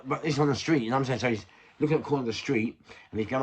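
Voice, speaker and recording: A man's voice: mid-range voice, very fast, husky. An older man with a London accent tells a rambling street story in casual chat, swearing and laughing at himself. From England. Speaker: vlogger.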